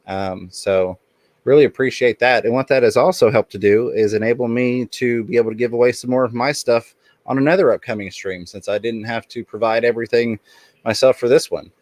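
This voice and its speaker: A man's voice: lowish voice, no room sound. Man hosting a livestream, dry sound. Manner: upbeat, reads chat aloud and thanks viewers. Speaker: livestream host. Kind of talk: casual livestream chat.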